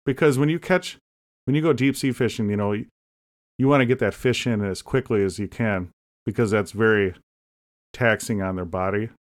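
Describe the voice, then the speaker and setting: Deadpan joking man, low voice. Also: normal speed. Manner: deadpan joking, rambling asides. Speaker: podcast co-host. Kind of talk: casual comedic chat.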